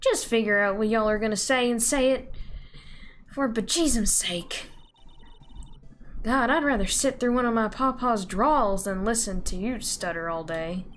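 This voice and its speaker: A woman's voice: on the high side, a little slow, faint music behind. Woman doing a brash Southern-drawl photographer lady. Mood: scolding. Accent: put-on Southern US drawl. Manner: loud, scolding, folksy. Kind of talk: reading game dialogue aloud.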